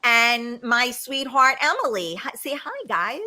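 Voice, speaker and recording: A woman hosts a live talk show over a video call, with a regional American accent and a high voice. She talks bluntly, swears often and giggles easily, and she keeps an unhurried pace with a bright, forceful tone. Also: lively intonation.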